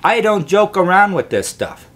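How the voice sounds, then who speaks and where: A man's voice: high voice, very animated, moderate pace, a bit bright. Earnest rambling man talking to camera. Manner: earnest and rambling, with frequent restarts. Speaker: host. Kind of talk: casual spiritual monologue to camera.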